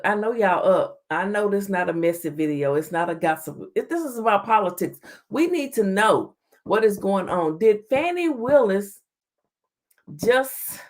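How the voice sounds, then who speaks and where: A woman's voice: mid-range voice, a little mellow. A woman hosting a late-night live commentary stream, chatting casually and greeting viewers by name. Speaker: talk show host.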